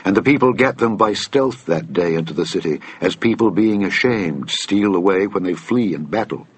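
A man reading an old Bible text aloud in a measured, solemn way. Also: low-pitched, lively intonation, breathy edge. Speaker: scripture reader.

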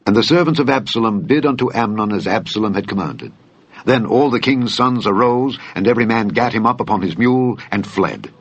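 A man with a very low, husky voice reads scripture in a solemn, measured manner. The recording is dull and lo-fi, and completely dry. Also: lively intonation, dry recording. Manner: solemn, measured, archaic phrasing. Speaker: Bible reader.

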